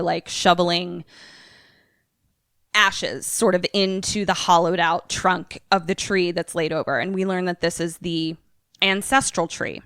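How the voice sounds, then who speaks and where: A young woman podcast co-host recapping a movie in casual, animated, profane storytelling. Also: on the low side, clear, resonant tone, no room sound, clean studio sound.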